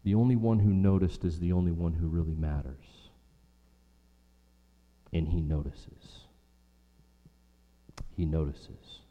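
A man's voice: sits low, fairly even intonation, slow, pauses often, lo-fi sound. Male pastor, emphatic repetitive sermon delivery, voice echoing through a large hall. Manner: emphatic preaching with repetition and rhetorical questions.

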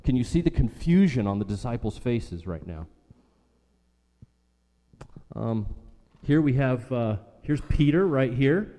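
A man preaching a sermon in a slow, unhurried way, with a warm, mellow voice. He asks his audience questions and answers them himself. His voice trails off into the long reverb of a big hall. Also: medium pitch, expressive.

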